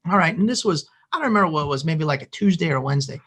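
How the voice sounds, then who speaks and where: A man's voice: fairly high pitch, lively intonation, racing, a bit bright, husky. A man from the Chicago suburbs, co-hosting a podcast and telling a story in a rambling way, often restarting his sentences. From Chicago suburbs, USA. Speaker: podcast co-host. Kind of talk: casual podcast conversation.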